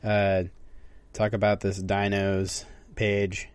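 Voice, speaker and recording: A man's voice: lowish voice, monotone, slow, clean tone, dry recording. A young man co-hosting a podcast in casual chat, telling stories in a rambling way and often restarting his sentences. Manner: rambling, self-interrupting storyteller. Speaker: podcast co-host.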